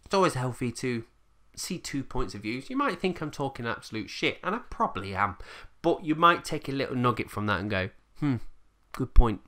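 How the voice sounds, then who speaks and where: A man's voice: medium pitch, expressive, a little fast, pushed and bright. A man, a YouTuber ranting bluntly to camera in a casual, swearing way.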